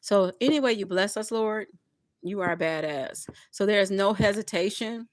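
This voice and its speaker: A woman reads tarot cards for her viewers as a spiritual pep talk. She speaks at an ordinary pitch and repeats her phrases for encouragement, and the sound is dry and close with no room around her. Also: moderate pace, no echo. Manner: repetitive, encouraging, addresses viewers as y'all. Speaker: tarot reader.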